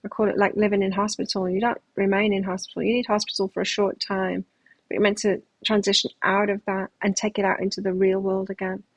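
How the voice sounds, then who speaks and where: A woman's voice: medium pitch, flat delivery, a little fast, no room sound, poor audio. A middle-aged woman giving a live tarot reading, talking in a reflective, self-help manner with frequent restarts. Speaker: tarot reader.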